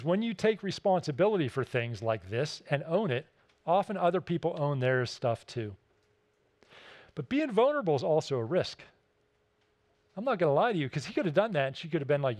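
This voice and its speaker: A man delivers a keynote talk, and his voice sits a little higher than most men's. He tells stories in an animated, emphatic way and hammers his key points home by repeating them. The sound is close and dry. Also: dry recording. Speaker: keynote speaker.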